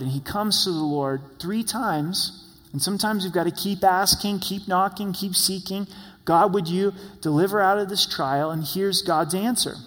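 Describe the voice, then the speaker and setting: A man preaching a sermon as pastor, earnest, acting out prayers and quotes as he goes. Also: sits high. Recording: long reverb of a large hall.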